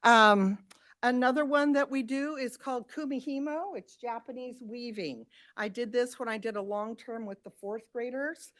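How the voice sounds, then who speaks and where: A woman who teaches after-school sewing, giving an animated, chatty public comment at a school board meeting. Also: a little high, normal speed. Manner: animated, chatty, quotes the kids.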